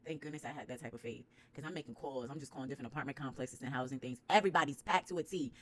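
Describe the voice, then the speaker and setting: A young woman from New York with a New York accent, telling a faith story to her viewers in animated, slangy talk with loud bursts of praise. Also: a bass voice, rapid-fire, a little hiss or hum. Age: young adult. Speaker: vlogger. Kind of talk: casual storytelling to camera.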